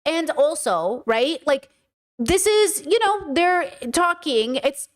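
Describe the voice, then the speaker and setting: A woman's voice: high-pitched, big pitch swings, takes it slowly. A woman streamer giving opinionated casual commentary, joking around with many "like" and "okay" asides.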